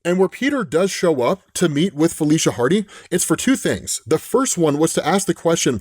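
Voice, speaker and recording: A man's voice: fairly high pitch, very animated, moderate pace, few pauses, breathy edge, no echo, studio quality. A man retelling a comic book plot in a casual, chatty way, often tossing in "right?" and "literally". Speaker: comic book recap host. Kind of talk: casual storytelling recap.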